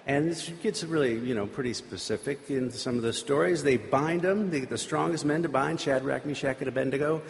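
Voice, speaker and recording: A man retells a scripture story from the pulpit in a loose, conversational way, wandering into asides and filler words. His voice sits at an ordinary pitch and rings out with a long reverb from the hall around him. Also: brisk, vocal fry, few pauses. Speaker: preacher. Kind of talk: informal sermon storytelling.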